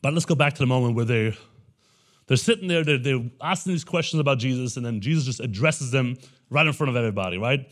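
A young adult male pastor delivering a relaxed, conversational sermon. He talks to the congregation like friends, often tossing in "right?". He breaks into animated little impressions of the people in the story. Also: mid-range voice. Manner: casual preaching, keeps asking the room "right?"; animated, acts out the characters in quick asides.

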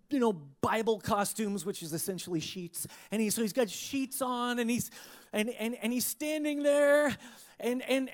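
A preacher giving a sermon, telling a personal story in an expressive way, laughing along and often restarting sentences. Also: medium pitch.

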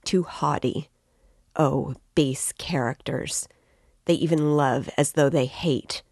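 A woman reading the part of a brooding, bitter young man in a storybook reading, slow and low in his scornful thoughts. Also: darkish tone, no room sound, clean studio sound. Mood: bitter muttering.

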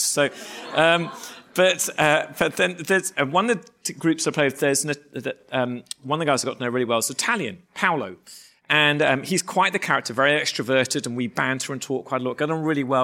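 A man, a pastor, preaching with lively stories and acting out voices. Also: medium pitch. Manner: animated, acts out voices in anecdotes. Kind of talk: sermon with storytelling.

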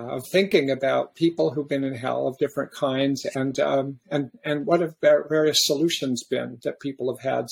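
A man with a gravelly, slightly husky voice hosts a podcast in relaxed conversation. He thinks aloud and often stops and restarts his sentences. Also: mid-range voice. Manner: halting, restarts often, reflective. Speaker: podcast host. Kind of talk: casual podcast chat.

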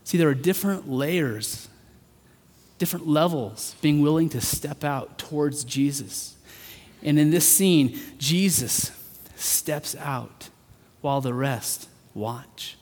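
A man preaching a sermon, earnest, rising to emphatic peaks and then dropping soft. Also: a little high, slow pace. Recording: long hall reverb.

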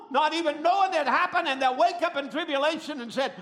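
A middle-aged man preaching a sermon, telling stories dramatically and swinging from a hush to a shout. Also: extremely high pitch, fast, hardly any pauses. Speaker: pastor.

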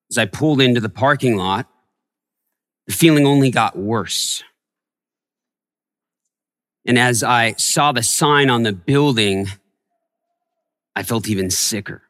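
A man preaching a sermon as a pastor, telling a personal story and growing hushed in its tender parts. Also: mid-range voice, slow, pauses often, long reverb tail. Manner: storytelling, softening to a hush in tender moments. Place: church sanctuary.

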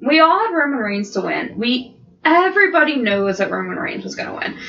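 High bright excited woman. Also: fairly quick, creaky. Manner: excited, laughing, swearing. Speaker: podcast co-host. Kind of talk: casual wrestling chat. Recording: dull lo-fi sound.

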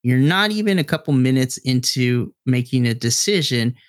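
A man narrating a tabletop game as game master, casual and animated. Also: medium pitch, moderate pace, dry recording, clean studio sound.

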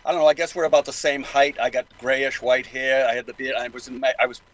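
The audio here is low quality, capturing an older man from New England with a Boston accent. As a guest in a casual interview, he talks fast at a medium pitch with a level tone, rambling at length with plenty of fillers and restarts.

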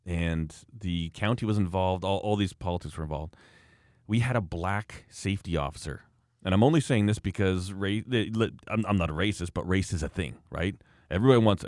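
A blunt, emphatic man talks in a casual podcast chat, his voice sitting on the lower side. The sound is dry and close, with no room around it. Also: darkish tone, no room sound. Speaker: podcast host, former project manager.

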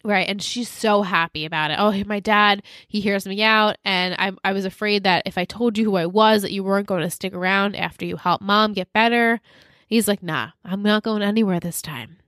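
A woman's voice: mid-range voice, normal speed, a bit bright, dry recording. Chatty woman recapping scenes, dry sound. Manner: recaps scenes briefly acting out characters' lines. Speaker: podcast co-host. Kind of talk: casual recap chat.

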